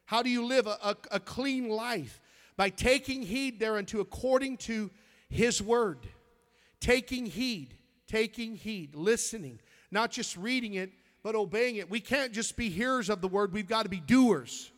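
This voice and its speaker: A man preaches with an emphatic, high voice, stumbling and restarting as he finds his verses. The church around him leaves a long reverb on every word. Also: a bit bright. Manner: emphatic, reads scripture aloud with halting restarts. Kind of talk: sermon.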